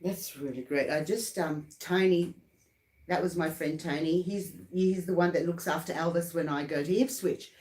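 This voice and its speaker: A woman's voice: lowish voice, steady tone, moderate pace. A middle-aged Australian woman chatting on a live stream, telling stories and laughing at them. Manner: warm storyteller, laughs at her own stories. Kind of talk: casual live chat. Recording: echoey room.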